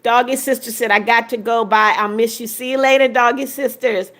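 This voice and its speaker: A woman's voice: a little high, steady tone, fairly quick, a bit bright. A woman in her seventies hosting a casual livestream, reading viewer comments aloud and answering each one briefly. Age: 70s. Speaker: livestream host. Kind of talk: casual live-stream chat.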